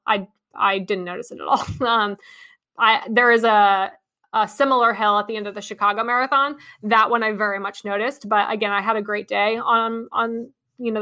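A young adult woman with a mid-range voice hosts a podcast, recapping a story in a casual monologue. Her delivery is chatty and excitable, full of ums and likes.

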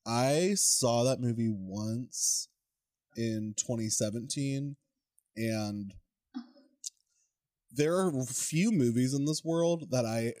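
A man's voice: mid-range voice, drawn-out words, long pauses, darkish tone. A man co-hosting a podcast, chatting casually and laughing often. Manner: laughs often, playful banter. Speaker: podcast co-host. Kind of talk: casual chat.

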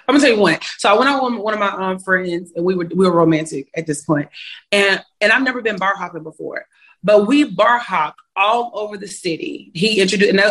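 A young woman talking as an interview guest, chatty and quick to laugh. Her voice sits at a middle pitch and drifts into preachy, encouraging asides when she gets going. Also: fairly bright tone. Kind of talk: casual interview chat.

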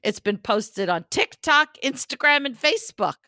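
A woman co-hosting a podcast, telling stories in casual chat with a hoarse, strained voice and a teasing, animated manner. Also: high voice, normal speed, no echo, studio quality. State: hoarse, lost voice. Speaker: podcast co-host.

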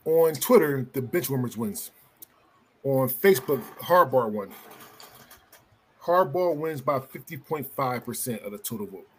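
Husky man reading vote results. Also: medium pitch, expressive, unhurried. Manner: reads out vote results, laughs easily. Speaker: podcast host. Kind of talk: casual podcast chat.

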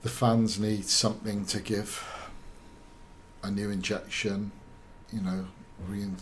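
A man giving his opinion as a pundit in casual discussion, halting and searching for his words. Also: fairly low pitch, little pitch movement, slight background noise.

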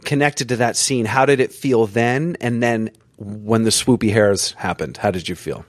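A man's voice: mid-range voice, normal speed, no echo, clean studio sound. A man hosting a podcast, chatting casually and telling jokey stories. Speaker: podcast host. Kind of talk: casual interview chat.

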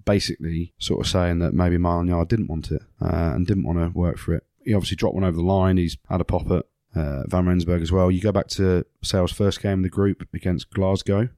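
A man's voice: deep voice, fairly even intonation, a little fast, hardly any pauses, dark tone, no echo, studio quality. A man hosting a podcast in casual, teasing chat about rugby. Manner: teasing, banter-heavy, laughs often. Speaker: podcast host, former rugby player.

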